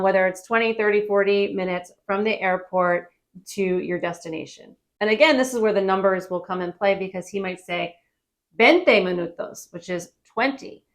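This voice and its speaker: A woman giving a casual travel-phrase lesson, friendly and repeating phrases slowly for learners. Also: medium pitch. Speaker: Spanish teacher.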